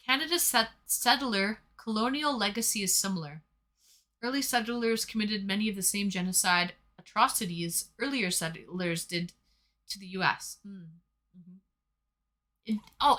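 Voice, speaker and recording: Streaming casually from home, a young woman reads viewers' chat messages aloud with a chatty, playful manner. Her voice is mid-range, pushed and bright.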